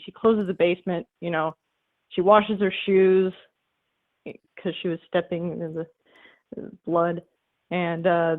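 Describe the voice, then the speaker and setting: A woman calling in to a comedy show, rambling through a retold fable with lots of fillers and casual swearing. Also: fairly low pitch. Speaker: caller. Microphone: telephone. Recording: tinny phone line.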